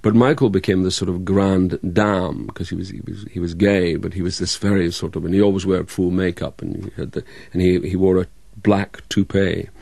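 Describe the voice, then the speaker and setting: A very low, gravelly-voiced actor with a mixed Scottish, English and American accent. He talks in a halting, casual way, full of fillers and restarts, in a dry, close sound. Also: little pitch movement, darkish tone, dry recording. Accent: hybrid Scottish-English-American. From Scotland, Dundee. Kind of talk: casual interview chat.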